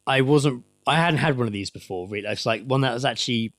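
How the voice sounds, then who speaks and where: A man co-hosting a casual podcast chat, making deadpan jokes and swearing freely. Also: medium pitch, quick pace, dry recording, studio quality. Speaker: podcast co-host.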